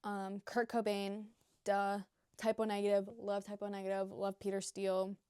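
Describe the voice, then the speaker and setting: A woman's voice: medium pitch, monotone, normal speed, warm tone, smooth, no room sound, studio quality. Rambling, gushing young woman vlogging. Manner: rambling and gushing, heavy on fillers and swearing. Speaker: new vlogger. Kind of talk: casual unscripted vlog chat.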